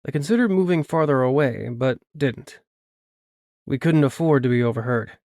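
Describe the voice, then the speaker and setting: A male audiobook narrator reading first-person fiction in a measured, steady way. His voice sits mid-range and the recording is close and dry, with no room around it. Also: mid-range voice, no echo.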